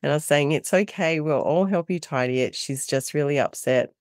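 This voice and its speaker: A middle-aged Australian woman, a mother and carer, telling animated stories in a casual interview and laughing often. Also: deep voice, fairly quick, dry recording, studio quality.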